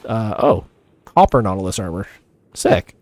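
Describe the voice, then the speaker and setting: A man streaming a game live, chatting casually with viewers and rambling with lots of fillers and quick chuckles. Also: fairly low pitch, big pitch swings, darkish tone, dry recording. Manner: chats with viewers while playing. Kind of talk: casual gameplay commentary.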